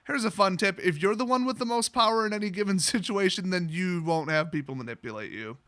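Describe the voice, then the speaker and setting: A man's voice: sits high, fast, pushed and bright. A man mockingly recapping a fantasy story, with crude, sarcastic jokes. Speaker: host.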